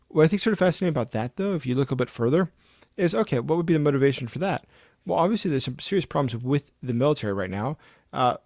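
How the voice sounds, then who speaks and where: A man speaking as a guest political adviser, giving quick, animated analysis and chuckling between points. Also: mid-range voice, no echo, clean studio sound. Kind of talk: conversational analysis.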